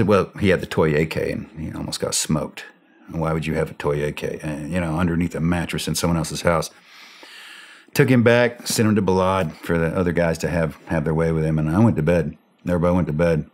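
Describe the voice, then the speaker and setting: Ex special ops guy, low voice, chatty war story, laughs, acts out the dialogue. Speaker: former special forces operator, podcast guest.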